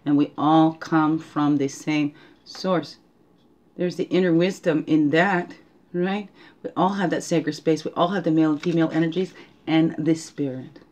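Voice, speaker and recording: A woman's voice: low voice, fairly even intonation, normal speed, a little mellow. Reflective woman reading oracle cards. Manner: meandering, reflective, asks the listener questions. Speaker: spiritual guidance host. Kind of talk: casual oracle card reading. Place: home.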